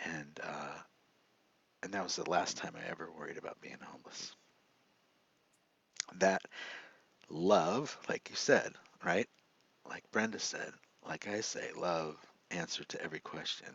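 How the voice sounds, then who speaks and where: A man's voice: low-pitched, measured pace, gravelly, long pauses, a bit bright, slightly rough. A middle-aged man, a show host, earnestly telling a personal story, rambling with many restarts. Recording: dull lo-fi sound.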